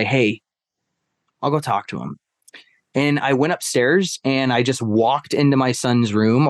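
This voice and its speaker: Speaking in a mid-range voice, this man is a podcast guest recounting life as a stepfather in a loose, casual way. His talk wanders and is packed with "like" and "right?". Sound is clean studio audio without echo.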